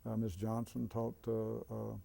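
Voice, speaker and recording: An older man in an interview, recalling his school teachers in a halting way, with many fillers. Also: lowish voice, completely flat delivery, gravelly, dark tone. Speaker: interviewee, former student. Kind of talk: reminiscing interview.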